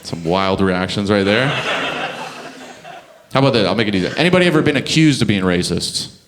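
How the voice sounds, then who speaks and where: A man's voice: fairly low pitch, lively intonation, brisk, a little hiss or hum. A young man from Canada doing a stand-up comedy set on a club stage, chatty and chuckling through his punchlines.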